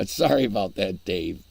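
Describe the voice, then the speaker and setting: Gravelly, slow-talking man chatting on a livestream. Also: fairly low pitch, warm tone, dry recording. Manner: rambling, chuckling, answering chat. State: eating while talking. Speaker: livestream host. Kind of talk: casual livestream chat with viewers.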